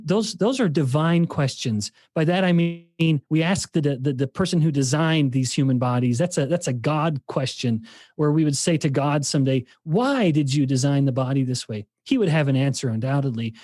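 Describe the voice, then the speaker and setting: A man's voice: a little high, darkish tone, dry recording, studio quality. A man who is a scientist, talking through ideas in a podcast interview, often restarting his sentences as he thinks. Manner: explanatory, thinks aloud with many restarts. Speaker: scientist and guest.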